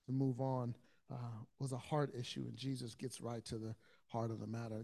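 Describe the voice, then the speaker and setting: A man preaching a sermon, with many stammered restarts, swinging between loud pleading and a soft hush. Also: medium pitch, little pitch movement, moderate pace, vocal fry. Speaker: pastor.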